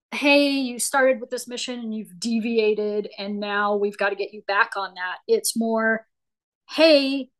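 A woman with a fairly high voice, heard on a low-quality recording, is a guest on a podcast explaining business ideas. Casual and animated, she tells it like a story, acting out little quotes in a folksy way and saying "right?" often.

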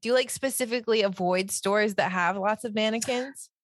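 A woman's voice: medium pitch, a little fast, no room sound. A woman in casual chat, talkative and reflective.

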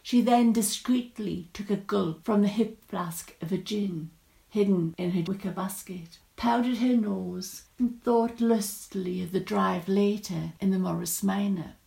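A woman reading a story aloud in a measured, descriptive storytelling manner. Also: mid-range voice, gravelly, mellow.

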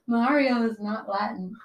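A woman's voice: a little high, takes it slowly. Woman giving terse, dry replies. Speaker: podcast co-host. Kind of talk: casual podcast chat.

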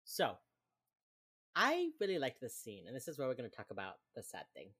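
A woman's voice: a bass voice, huge pitch swings, brisk, fairly bright tone, slightly rough. A young woman co-hosting a podcast, casually recapping a TV episode, chatty and laughing often as she acts out the characters' lines. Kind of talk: casual chat.

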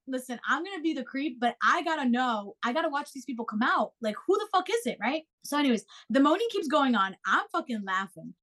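In a loose chat with her co-hosts, a young woman with a high-pitched voice tells a story. She's lively and profane, doing voices whenever she quotes someone.

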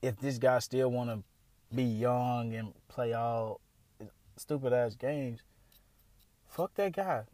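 A young man with features talks straight into the mic for his podcast, casual and blunt, swearing freely. His voice sits at a middle pitch and sounds dry and close, with no room around it. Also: takes it slowly, dry recording. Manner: candid, profane, animated, speeding up and rising when worked up. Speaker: podcast host. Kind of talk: casual monologue.

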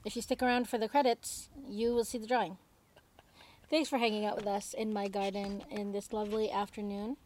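A woman's voice: medium pitch, level tone, fairly quick, a little mellow, a little hiss or hum. A young woman, co-hosting a casual podcast outdoors in her garden and telling chatty anecdotes with giggles. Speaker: podcast co-host. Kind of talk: casual chat.

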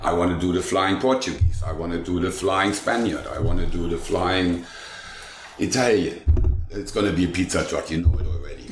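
A man's voice: low-pitched, moderate pace, a little hiss or hum. An older man, a food truck owner and chef, chatting in an interview and rambling enthusiastically through his dishes step by step. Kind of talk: casual interview chat. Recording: roomy echo with faint ambience.

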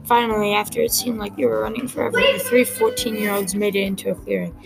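A woman's voice: medium pitch, sing-song, quick pace, creaky, rough recording. A woman reading a story over music. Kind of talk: reading an original story aloud.

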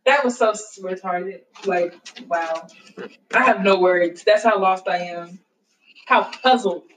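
A woman giving opinions in a casual chat in a halting way, often repeating herself. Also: medium pitch, fairly bright tone, recorded from a distance, slight background noise, low-quality recording. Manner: slow, halting, repeats words.

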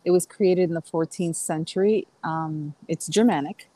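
A woman's voice: fairly low pitch, normal speed, dark tone, rough recording. A middle-aged woman chatting as a podcast guest, rambling through stories with fillers and restarts. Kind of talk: casual podcast conversation.

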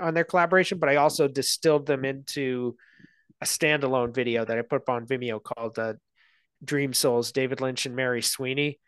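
A man's voice: medium pitch, a bit bright, no echo. Man, guest film analyst, thoughtful and rambling delivery, dry close sound. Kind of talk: casual conversation.

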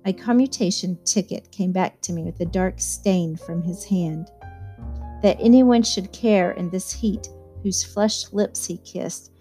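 Woman reading a novel aloud, soft guitar behind. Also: lowish voice, a little slow. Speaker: audiobook reader. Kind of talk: first-person novel narration.

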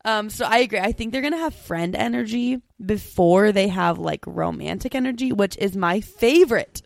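A young woman co-hosting a casual chat, talking fast with lots of "like" and little laughs. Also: medium pitch, lively intonation, gravelly, no room sound, studio quality. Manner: chatty, quick, full of "like" and little laughs. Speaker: co-host.

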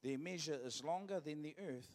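A man's voice: on the high side, moderate pace, a little mellow, long reverb tail. A man with a New Zealand accent, preaching a sermon as pastor in a joking, conversational way. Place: church.

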